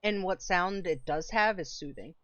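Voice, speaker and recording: A woman's voice: on the low side, expressive, normal speed, a bit bright, no room sound, low-quality recording. A woman streamer chatting casually with viewers while playing a game, laid-back and swearing freely, sometimes eating as she talks. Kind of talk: casual gaming stream chat.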